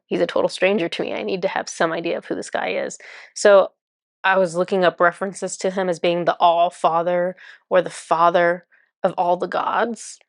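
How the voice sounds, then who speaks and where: A woman with a low, creaky voice, recorded cleanly in a studio with no echo, describes a spiritual experience in casual first person. A spiritual channeler, she is chatty and says "like" and "um" often.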